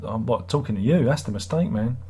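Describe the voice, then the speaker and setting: Reading viewer comments aloud during a livestream, a middle-aged male host rambles casually and fires back sarcastic, teasing replies. His voice is husky, slightly breathy, and mellow at a middling pitch, and his pace is fairly quick.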